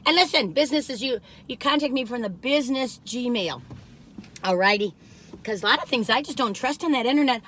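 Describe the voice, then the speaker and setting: A woman chatting casually as she reviews food, rambling and digressive, gushing with excitement and laughing often. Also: on the high side, brisk, a little hiss or hum. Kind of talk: casual chat.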